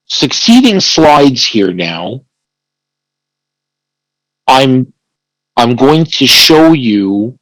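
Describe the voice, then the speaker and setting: A man's voice: medium pitch, dry recording, poor audio. A man, an attorney, giving an online slide presentation who acts out quoted dialogue and corrects himself mid-sentence. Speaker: family law attorney presenting.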